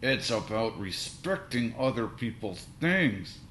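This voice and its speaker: A dramatic storybook father, as a male reader puts him on, bellows old-fashioned curses in a voice pushed high and loud above the reader's own. The reading sits in a roomy space with a faint hiss underneath. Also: lively intonation, slow pace, gravelly, heavily acted. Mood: stern. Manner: bellowing mock-Shakespearean curses. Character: dramatic father, cheerful then howling.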